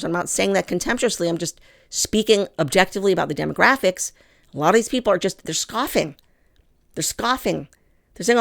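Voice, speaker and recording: With a fairly low, gravelly voice, a woman hosts a political commentary show, delivering a monologue straight to camera. She speaks with strong feeling and heavy emphasis, calling her listeners "people."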